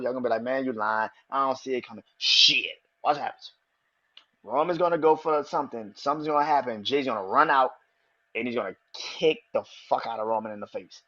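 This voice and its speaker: A man hosting a podcast, talking excitedly and with a lot of swearing, repeating his predictions for emphasis. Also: mid-range voice, fast talker, muffled recording. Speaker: podcast host. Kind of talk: casual wrestling commentary.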